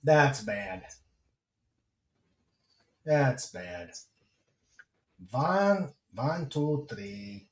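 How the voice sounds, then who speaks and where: A man hosting a podcast in casual chat, reading listener messages aloud and counting slowly. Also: medium pitch, sing-song, roomy sound, poor audio. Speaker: podcast host.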